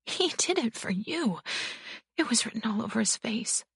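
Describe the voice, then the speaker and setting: A woman voicing a timid, bruised young wife who speaks quietly and shakily in a raised voice. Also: expressive, moderate pace, creaky, slightly rough, no room sound, studio quality, heavily acted. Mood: candid. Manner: quiet, shaky, higher voice.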